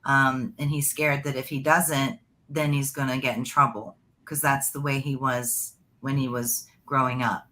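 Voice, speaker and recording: A woman with a low voice gives a psychic reading live. She rambles in a chatty, familiar way, looping back over her points. She calls the listener "honey.". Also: level tone, unhurried, few pauses, pushed and bright.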